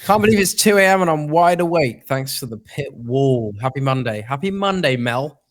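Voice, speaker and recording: A man's voice: a little high, expressive, normal speed. A man co-hosting a live stream, casually chatting about a race and greeting viewers. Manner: easygoing, chats with viewers. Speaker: stream co-host. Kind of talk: casual live race watch-along chat.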